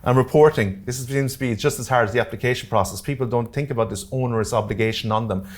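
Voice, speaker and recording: A man with an Irish accent presenting a live workshop to a room, talking quickly and jokily and often checking in with "okay?" and "all right?". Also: medium pitch. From Ireland. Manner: fast-talking, jokey, keeps checking in with the audience. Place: community centre meeting room.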